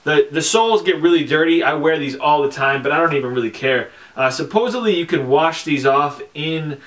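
A young man talking casually on camera about his sneaker collection, chatty and relaxed, with lots of fillers and slang. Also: fairly high pitch, a little fast. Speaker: sneaker vlogger. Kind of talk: casual product review.

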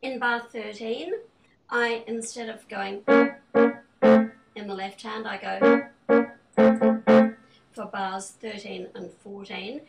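A woman's voice: mid-range voice, fairly even intonation, slow pace, gravelly, pauses often. A woman piano examiner giving a webinar, methodically explaining step by step how she arranged a piece. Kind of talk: online teaching webinar. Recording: distant mic with piano in the background.

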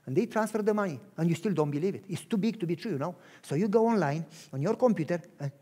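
A man preaching a sermon with a Romanian accent, acting out both sides of a dialogue and swinging from hushed lines to shouts. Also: high voice, expressive, quick pace, slightly rough. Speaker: pastor.

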